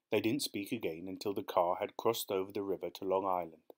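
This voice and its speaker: A man narrates a short story in a low voice. His reading is measured and steady.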